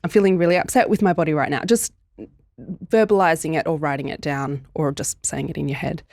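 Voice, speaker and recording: A woman's voice: low-pitched, brisk, a little mellow, no room sound, studio quality. A woman co-hosting a podcast who explains ideas step by step and laughs often. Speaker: podcast co-host, body image expert. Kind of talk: casual podcast chat.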